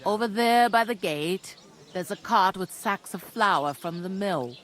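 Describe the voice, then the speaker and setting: A woman voicing a brisk, no-nonsense village tavern keeper in a video game. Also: medium pitch, expressive, a little hiss or hum, lightly acted. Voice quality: blunt, no-nonsense.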